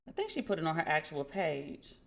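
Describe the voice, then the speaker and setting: A woman hosting a podcast, telling stories in a casual, animated way and acting out the dialogue she quotes. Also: low-pitched, a little fast, creaky. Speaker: podcast host. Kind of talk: casual commentary.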